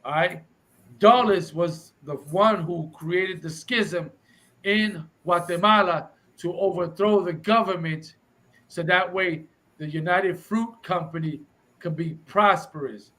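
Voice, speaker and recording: High-voiced preaching class teacher. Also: male voice, slow, bright, forceful tone, low-quality recording. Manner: preachy, reads text aloud and restates it, switches between English and Spanish.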